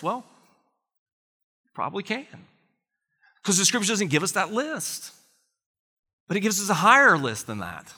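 A man's voice: high-pitched, big pitch swings, normal speed, long pauses, bright, forceful tone, long reverb tail. A man preaching a sermon as a pastor, earnest and conversational, asking his listeners rhetorical questions.

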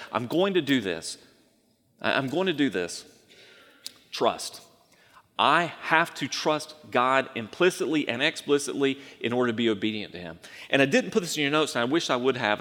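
Male pastor, lively delivery, big echoing church sound. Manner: animated, swings between loud emphasis and low asides. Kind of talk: sermon. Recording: long hall reverb.

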